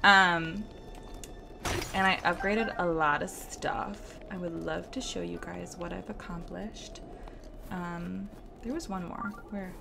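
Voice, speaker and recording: A young woman from the American South talks through her gameplay in an unhurried, easygoing way. Her Southern accent comes through naturally, and she chats and giggles often, scattering "like" through her sentences. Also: lowish voice, fairly even intonation, creaky, background noise. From Southern United States. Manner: chatty and giggly, lots of "like" fillers. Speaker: streamer. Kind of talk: casual gameplay commentary.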